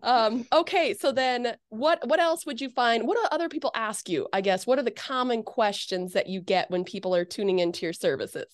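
Woman host, higher voice, giggly and excitable, dry close sound. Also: fairly quick, few pauses, no room sound. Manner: giggly, easily embarrassed, excitable. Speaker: podcast host. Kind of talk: interview conversation.

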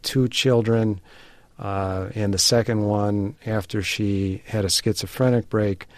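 Measured low-voiced male author. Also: steady tone, no echo. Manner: measured, hesitant with many fillers. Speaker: author and guest. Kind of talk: radio interview.

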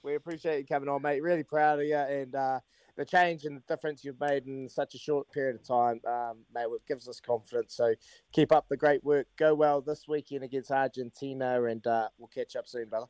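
A man's voice: mid-range voice, fairly even intonation, brisk, a little mellow, clean tone, no echo. An enthusiastic man hosts breakfast radio in casual banter. He is matey and laughs often, and his voice sounds dry and close. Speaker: radio breakfast show host.

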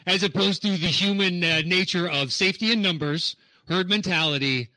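A man ribs his co-host with dry, sarcastic jokes in casual podcast talk. His voice sits high and sounds bright. The sound is dry and close. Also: moderate pace, no room sound, rough recording. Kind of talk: casual chat.

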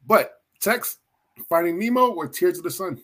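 A man hosting a casual podcast, animated and blunt, swearing and laughing often as he runs a movie bracket. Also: high voice, normal speed. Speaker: podcast host.

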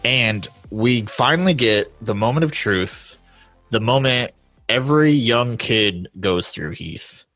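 A man's voice: mid-range voice, expressive, slow pace, fairly bright tone, faint music behind. A man hosting a podcast, chatting casually in an easygoing way and laughing often. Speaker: podcast host. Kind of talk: casual chat.

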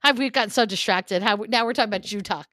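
A woman co-hosts a podcast, chatting casually in a playful, teasing way and laughing often. Her mid-range voice is fairly bright and she talks fast.

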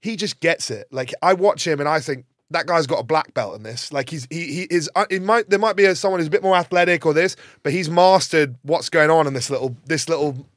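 A man's voice: a little high, brisk, hardly any pauses, no room sound. A man, a former rugby player, talking as a studio guest, telling stories animatedly in casual banter. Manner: animated storytelling with laughs.

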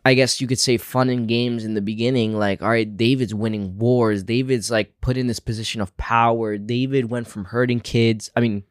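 A man's voice: mid-range voice, fairly even intonation, normal speed, hardly any pauses, dry recording. A man with a mid-range voice reflects earnestly on faith, drawing lessons in a casual, sincere way. The recording is dry and close, with no room sound. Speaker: podcast co-host. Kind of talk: casual Bible discussion.

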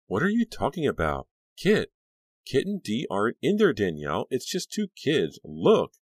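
A man's voice: lowish voice, very animated, moderate pace, dry recording, pitched above the performer's own voice. A man voicing a worried, caring teenage girl who questions her friend urgently.

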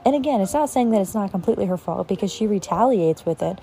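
A woman's voice: mid-range voice, lively intonation, quick pace, gravelly, mellow, soft background music. A young woman telling a personal story in a casual monologue, with lots of "like" and frequent swearing. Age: young adult. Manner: casual, heavy use of "like", swears freely, quotes others in acted voices. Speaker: podcast host.

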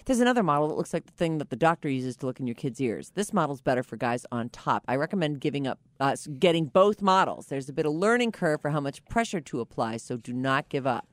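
A woman's voice: deep voice, very animated, fast, few pauses, no room sound. A woman co-hosting a podcast, reading a listener's letter aloud in a matter-of-fact way with wry asides. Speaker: podcast co-host.

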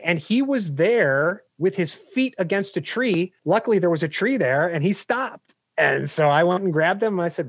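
Energetic storytelling male business coach. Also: sits high, moderate pace, no room sound. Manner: energetic, anecdotal, animated storyteller. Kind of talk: podcast interview storytelling.

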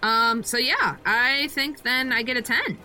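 A young woman playing a tabletop game, excitable and swearing in quick bursts. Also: fairly high pitch, faint music behind, low-quality recording. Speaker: player. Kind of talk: tabletop game actual play.

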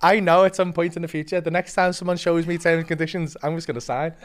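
A man tells a story in a loose, sweary way. He acts out the other people in it, and his voice sits a little high. He talks casually, as if chatting with a friend. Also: quick pace. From England. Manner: sweary, animated anecdote with quoted voices. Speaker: guest comedian.

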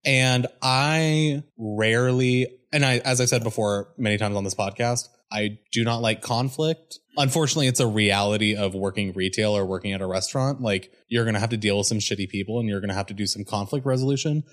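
A man's voice: on the low side, fairly quick, few pauses. A young man co-hosting a podcast, telling a work story in casual chat, full of "like" and breaking into laughter. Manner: animated storytelling, frequent "like", bursts into laughter. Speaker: podcast co-host.

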